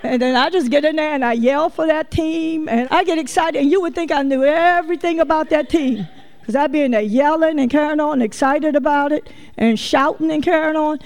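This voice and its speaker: A woman's voice: high voice, brisk. A woman preacher giving a sermon, telling folksy stories and calling out directly to her congregation. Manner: lively folksy storytelling, addresses the congregation directly.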